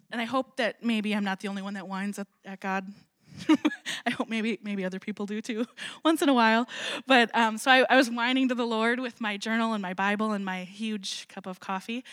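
A woman's voice: mid-range voice, fairly bright tone, no echo, studio quality. A middle-aged woman from Wisconsin, a ministry founder telling her personal testimony at a church gathering, chatty and self-deprecating with frequent little laughs. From Wisconsin, USA. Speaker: ministry founder, guest speaker.

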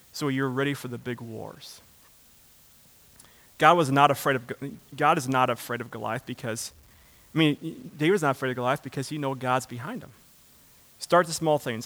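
A man preaching a sermon as pastor, building to loud impassioned passages and then dropping low and quiet. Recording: long hall reverb.

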